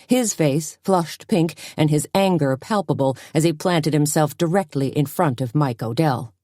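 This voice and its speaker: A woman narrating a cozy mystery audiobook in an even, measured storytelling manner. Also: sits low, no room sound, clean studio sound.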